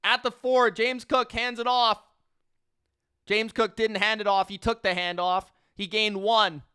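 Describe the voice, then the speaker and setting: Male stream host, high and very bright, excitable and profane live play-by-play. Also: unhurried, smooth. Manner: excitable, profane, swings from muttering to yelling; repeats himself in disbelief. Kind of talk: live play-by-play and reaction commentary.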